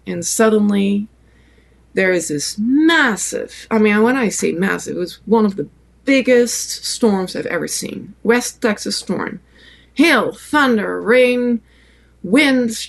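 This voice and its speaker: A middle-aged woman from France with a French accent, telling stories as an interview guest, lively and full of fillers and restarts. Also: medium pitch, creaky. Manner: animated storyteller, many fillers and restarts. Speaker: photographer guest. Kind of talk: storytelling interview.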